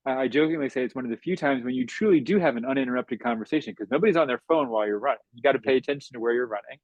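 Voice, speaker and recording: A middle-aged man from the United States talks in a reflective, measured way, circling his points with "you know". His voice is dry and close, with a slightly dull, muffled remote-call quality. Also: mid-range voice, dry recording. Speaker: guest. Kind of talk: conversational interview.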